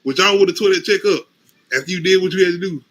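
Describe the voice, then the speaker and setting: A man co-hosting a casual talk show, telling stories with animated acted-out quotes and frequent laughter. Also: high-pitched, racing, low-quality recording. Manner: animated storytelling, acts out quotes, laughs often. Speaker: podcast co-host. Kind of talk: casual chat.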